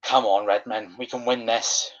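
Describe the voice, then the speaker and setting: Excitable fan commentating live. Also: male voice, fairly low pitch, normal speed, dull audio. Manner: excitable, swears when frustrated, chatty fan commentary. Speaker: fan watchalong host. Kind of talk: live football watchalong commentary.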